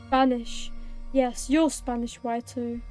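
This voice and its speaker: A woman's voice: on the high side, level tone, slow, a little mellow, faint music behind. A woman live-streaming a game, chatting playfully with viewers, thanking them and meowing like a cat. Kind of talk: live-streamed gameplay chat.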